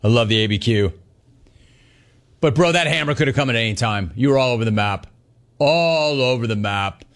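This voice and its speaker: A man runs a sports talk radio show from the studio, brash and animated, taking callers one after another. He riffs on their calls and hammers the same punchy words over and over. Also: mid-range voice, normal speed, pauses often.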